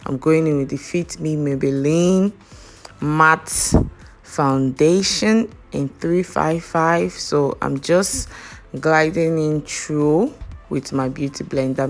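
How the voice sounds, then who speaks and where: A makeup artist recording a casual tutorial voiceover, chatty and full of fillers. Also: medium pitch. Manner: chatty, heavy on fillers like "all right, so".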